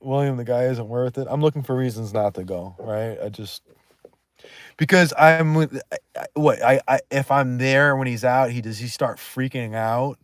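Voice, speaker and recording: A man's voice: medium pitch, normal speed, dry recording, clean studio sound. A man hosting a livestream in loose, profane, rambling chat, laughing often and trailing off mid-thought. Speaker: livestream host.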